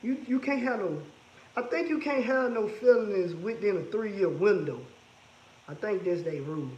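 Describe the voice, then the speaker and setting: A man's voice: sits high, expressive, moderate pace, darkish tone, roomy sound, lo-fi sound. A man hosting a casual phone livestream, talking candidly and reading out viewer comments. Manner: laid-back, candid, reads out viewer comments. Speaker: livestream host.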